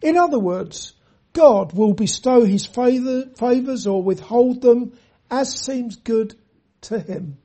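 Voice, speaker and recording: A preacher giving an earnest sermon, reading scripture in a measured way and speaking straight to the listeners. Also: medium pitch, expressive, warm tone. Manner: addresses listeners directly.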